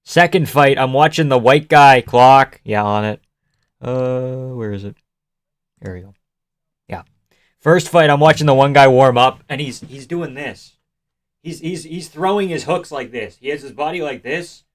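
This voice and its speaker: Guy live-streaming fight reactions, swears a lot, chats with viewers, smooth voice, dry close mic. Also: medium pitch, unhurried, no room sound. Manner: loose, profane, chatty, greets chat by name. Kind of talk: casual live-stream commentary.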